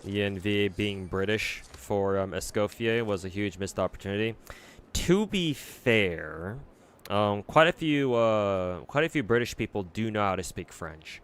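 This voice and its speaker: A man's voice: fairly low pitch, lively intonation, a little slow, clear, resonant tone. A man streaming a game, chatting casually and reacting bluntly to viewer comments, with lots of swearing and filler words. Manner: blunt and profane, drawling with many fillers.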